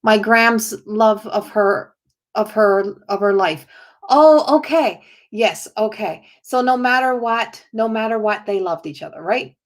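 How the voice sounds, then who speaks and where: A woman's voice: mid-range voice, unhurried. A woman giving a spontaneous oracle card reading as a psychic medium, rambling with lots of "like" and restarts as she relays what a spirit tells her.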